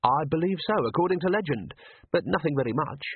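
A man's voice: a little high, lively intonation, brisk, breathy edge, narrow, tinny audio, pitched above the performer's own voice. A man reading an audiobook, voicing a polite, cheerful young assassin who talks in a formal, faintly menacing way.

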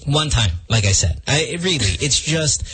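A male radio host in loose comedic chat, rambling through his stories with plenty of false starts. His pitch swoops up and down with animated energy, sitting mid-range for a man. His delivery is unscripted and playful. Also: moderate pace, husky, soft background music. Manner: rambling, joking, many restarts.

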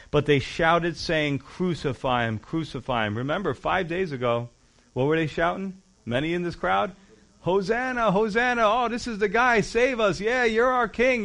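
A male pastor preaching a sermon, moving between loud emphasis and quiet, low asides, and acting out quoted voices as he retells the story.

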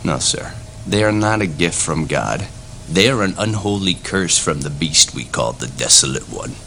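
A man's voice: low voice, expressive, moderate pace, pushed and bright, a little hiss or hum, heavily acted. A man playing Randall, a crude young man who mocks his friend and launches into profane mock-preaching in a comedic fan sketch.

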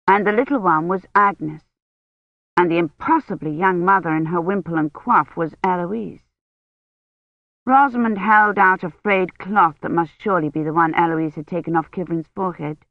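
An audiobook narrator reading a story in a measured, even storytelling manner. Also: medium pitch, no echo. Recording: dull, lo-fi dry recording.

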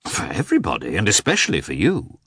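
A man's voice: low-pitched, huge pitch swings, quick pace, creaky, pushed and bright, slightly rough, no echo, studio quality, heavily acted. A man doing an entreating young officer. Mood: pleading. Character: earnest young male officer, pleading and uneasy. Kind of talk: audiobook character reading.

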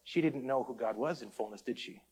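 A man's voice: medium pitch, a little fast, darkish tone, breathy edge. A man preaching a sermon, calling out to the congregation and building up and easing off his intensity. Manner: preaching with call-outs to the congregation, rising and falling intensity. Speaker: pastor.

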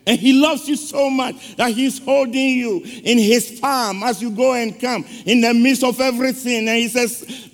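A man with a high voice and a rough, gravelly edge preaches a sermon. He tells an emotional story and throws questions out to the congregation. His voice rings out with a long reverb in a big church sanctuary. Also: moderate pace, few pauses, fairly bright tone. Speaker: guest preacher.

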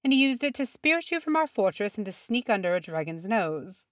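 Woman reading a composed, formal elf lord, even and courteous, close dry sound. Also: mid-range voice, no echo, voice pushed up, lightly acted. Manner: calm, measured, formal. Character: composed, elegant male elf envoy.

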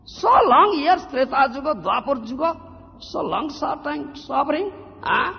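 High, animated preacher in an echoing hall. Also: male voice, a little slow, vocal fry. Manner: repeats words, keeps asking "huh?" and "you understand?". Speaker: spiritual teacher. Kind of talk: devotional sermon. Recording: lo-fi recording in a reverberant hall.

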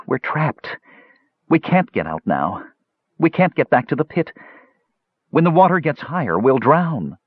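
A man reading the part of a frightened young woman weaver trapped underground, speaking softly in a raised voice. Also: low voice, wildly swooping pitch, unhurried, few pauses, no room sound, exaggerated voice. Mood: despairing. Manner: frightened, soft and resigned. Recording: dull dry close-mic audiobook recording.

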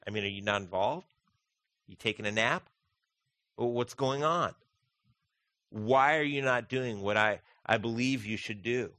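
A man's voice: mid-range voice, a little slow, pauses often, sharp tone, dry recording. A man preaching a conversational sermon as pastor, often asking his listeners direct questions. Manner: conversational, asks the congregation questions.

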